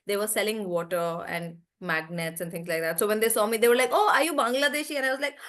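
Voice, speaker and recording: A woman's voice: lowish voice, quick pace. A young woman with an Indian English accent teaching an online English class, chatty, giving example sentences and stories.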